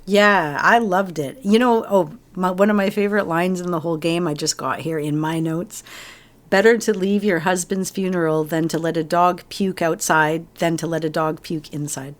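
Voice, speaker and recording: A woman's voice: on the low side, fairly even intonation, normal speed. A woman co-hosting a retro game podcast, telling stories with animation and acting out characters' lines. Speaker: podcast co-host. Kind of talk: casual chat reviewing a game.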